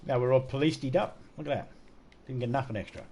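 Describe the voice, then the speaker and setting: A man's voice: medium pitch, fast talker, mellow, a little hiss or hum. A middle-aged man talking casually on a live game stream, with a mid-range voice. He rambles into stories, cracks jokes and curses freely as he plays. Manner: joking, heavy swearing, rambling anecdotes.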